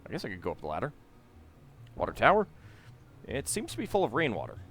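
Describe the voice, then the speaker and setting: Bright-voiced man playing through a game. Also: mid-range voice, huge pitch swings, quick pace, soft background music. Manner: reads dialogue aloud, chatty asides. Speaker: let's play host. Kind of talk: game commentary.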